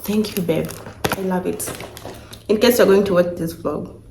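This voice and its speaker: This casual vlog features a young woman opening gifts, emotionally gushing and repeating herself. Her voice sits on the low side with fairly even intonation, a moderate pace and some creak, and the room is echoey with faint noise.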